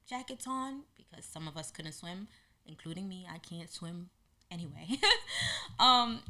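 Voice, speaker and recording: A woman hosting a podcast, telling a personal story in an animated way and acting out what people said. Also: mid-range voice. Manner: animated, acts out quotes in lively voices. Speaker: podcast host.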